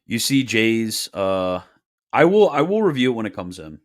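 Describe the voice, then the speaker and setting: A man's voice: lowish voice, sing-song, normal speed. Wry man reading live chat. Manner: wry, joking asides, frequent laughter. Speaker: streamer reading viewer questions. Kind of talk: casual livestream Q&A.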